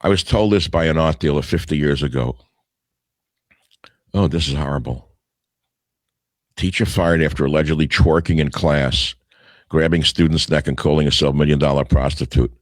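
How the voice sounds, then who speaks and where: A man's voice: a bass voice, a little fast, no echo. An older man hosting a talk radio show, reading headlines aloud and answering each with sarcastic, scornful asides.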